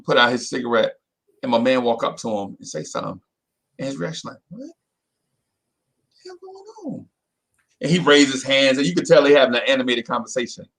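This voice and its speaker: Telling a story during a casual chat, a middle-aged podcast co-host talks animatedly, repeats himself often, and keeps saying "you know what I'm saying." His voice is mid-range and creaky, and the audio is poor.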